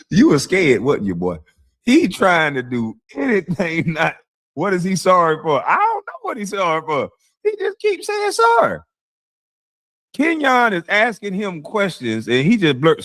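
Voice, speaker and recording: A man hosting a casual livestream, reacting to a clip with mocking, blunt commentary and frequent laughter. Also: fairly high pitch. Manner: mocking, animated, laughs often, blunt slang. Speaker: streamer, show host.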